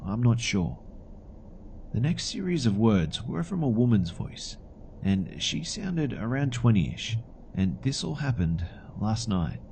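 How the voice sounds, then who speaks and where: A man narrates a first-person horror tale in a calm, measured, matter-of-fact way. His voice sits low with a dark, mellow tone, keeping the telling steady and plain. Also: gravelly, a little hiss or hum. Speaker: storyteller.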